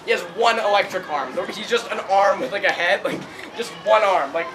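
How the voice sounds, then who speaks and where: Brief: young man, very high voice, giggly rambling improv storyteller, noisy recording. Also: expressive, moderate pace, crowd noise. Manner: giggly, rambling, full of fillers, voices shouted quotes. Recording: clear background noise.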